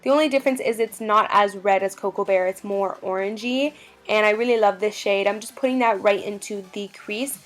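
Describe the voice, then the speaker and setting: A woman's voice: medium pitch, fairly quick. Bubbly young woman narrating makeup. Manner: bubbly and gushing. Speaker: beauty vlogger. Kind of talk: makeup tutorial voice-over.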